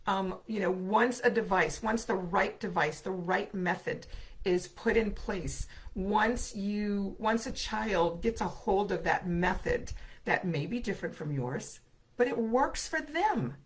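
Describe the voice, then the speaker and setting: A woman's voice: medium pitch, unhurried. Earnest middle-aged woman giving a talk. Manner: earnest, expressive, asks listeners "right?" often. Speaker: autism specialist and speech therapist. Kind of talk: presentation to parents.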